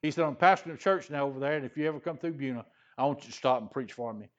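Older man, Louisiana-raised preacher, sermon, folksy rambling storyteller, mid pitch, muffled recording. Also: rapid-fire. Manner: folksy, repetitive "he said" storytelling with frequent "uh" fillers. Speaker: pastor.

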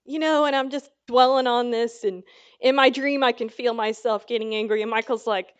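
A woman's voice: on the high side, steady tone, a little fast, clear, resonant tone. Chatty woman giving a casual sermon. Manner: chatty storytelling with many fillers. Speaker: Bible teacher.

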